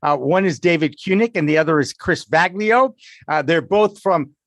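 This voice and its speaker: A man's voice: fairly high pitch, moderate pace, a bit bright, dry recording, studio quality. A man with a Boston accent hosting a live talk show in an upbeat, promotional way. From Boston area.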